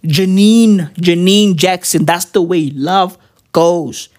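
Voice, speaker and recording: A woman's voice: on the low side, takes it slowly, a little mellow. Profane rambling woman, comedic rant. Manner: profane, rambling, street slang. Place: at home, with spouse nearby.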